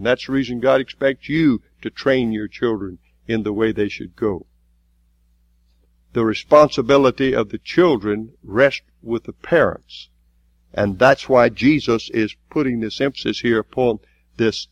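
A man preaching a sermon, stressing key words and drawing them out slowly. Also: medium pitch, dry recording, lo-fi sound. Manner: emphatic preaching with slow, drawn-out stresses.

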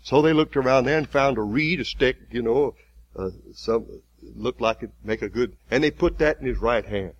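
Husky-voiced preacher on an old recording. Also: male voice, medium pitch, no echo, muffled recording. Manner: halting, with repeated restarts and fillers, vivid retelling. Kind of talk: sermon.

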